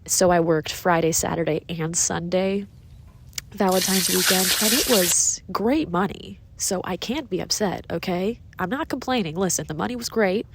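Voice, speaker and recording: Young woman, low gravelly voice, sarcastic swearing vlogger talking into her phone outside in the woods with a faint hum behind her. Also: moderate pace. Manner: chatty, sarcastic, swears freely. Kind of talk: casual venting vlog. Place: outdoors in cold woods. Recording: faint outdoor ambience.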